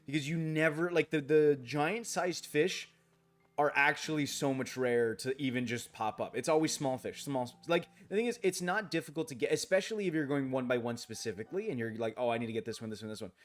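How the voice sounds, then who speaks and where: A man's voice: on the high side, fairly quick. A man streaming a game late at night in casual chat, rambling, restarting his sentences, grumbling at the game and answering viewer comments aloud.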